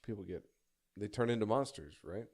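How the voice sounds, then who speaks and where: A man's voice: on the low side, a little mellow, breathy edge. Rambling, profane young man telling a story. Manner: rambling, profane, self-deprecating, halting with many restarts. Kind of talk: casual personal storytelling.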